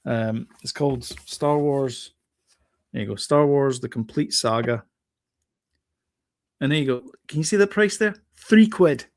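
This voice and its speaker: A man's voice: mid-range voice, measured pace, pauses often, no echo. A British man co-hosting a casual chat show, laid-back and chatty, often repeating his phrases. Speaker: show co-host.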